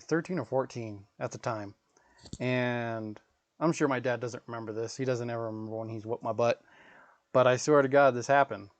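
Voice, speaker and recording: A man's voice: medium pitch, no echo, lo-fi sound. A man in his thirties, a gaming livestreamer, telling rambling, profane stories in casual chat.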